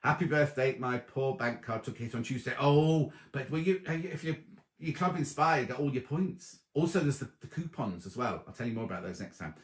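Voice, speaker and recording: A man's voice: medium pitch, animated, a little fast, reverberant. A man, hosting a sewing livestream and chatting casually as he reads out viewers' comments and thanks them by name. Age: 50s. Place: home room before a dark wall.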